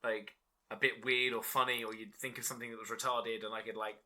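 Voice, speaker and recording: A man co-hosting a casual podcast, swearing often and laughing through animated banter. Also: mid-range voice, fast. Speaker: podcast co-host.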